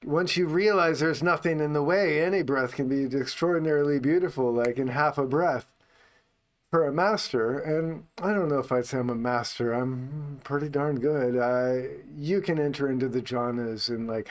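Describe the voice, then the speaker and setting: A man teaching meditation in an unscripted talk, speaking calmly and unhurriedly, only on the out-breath. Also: medium pitch, normal speed.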